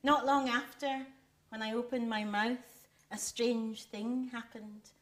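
A woman reciting a poem in a slow, deliberate and expressive way. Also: on the high side. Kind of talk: poetry recitation.

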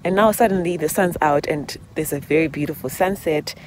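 A woman's voice: deep voice, brisk, noisy background. A woman vlogger talking heart to heart while walking outdoors, emotional and rambling, sometimes laughing through tears. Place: outdoors on a walk in public.

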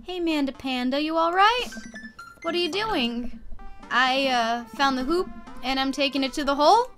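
A woman voicing a gentle middle-aged father who earnestly reassures his daughter, reading it close to her own bright voice. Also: high voice, animated, normal speed, soft background music. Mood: playful.

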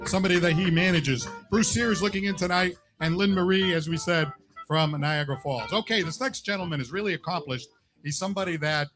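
A man hosting a live variety show, upbeat and jokey, giving shout-outs to viewers. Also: sits high. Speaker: show host.

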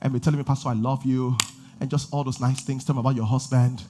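A man preaching a sermon as pastor, asking the congregation questions and building to shouted passages. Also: mid-range voice, flat delivery, quick pace.

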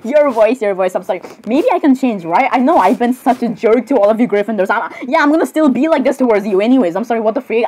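Woman with a high voice for improvised solo comedy, fumbly and apologetic. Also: fast talker, rough recording. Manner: hesitant, apologetic and giggly, with many restarts. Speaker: solo skit performer voicing many characters. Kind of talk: improvised comedic character skit.

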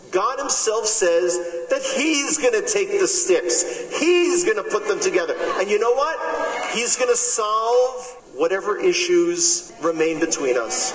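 A man with a Bronx New York accent delivers an emphatic speech with rhetorical questions and wry asides. His voice sits fairly high and rings through a reverberant hall, picked up from some distance with a faint ambient hiss. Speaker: speaker at a gathering. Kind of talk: impassioned religious speech. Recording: echoey hall, speaker far from mic.

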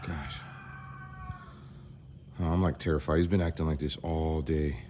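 A man vlogging outdoors on a small farm, chatty and worried, thinking out loud as he walks around. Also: extremely low pitch, fairly even intonation, a little slow, a little hiss or hum. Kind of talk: casual vlog commentary.

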